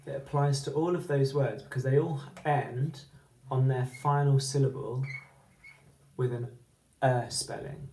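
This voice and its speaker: A teacher giving a phonics lesson, slowly sounding out words syllable by syllable and letter by letter. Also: medium pitch, warm tone. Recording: echoey room.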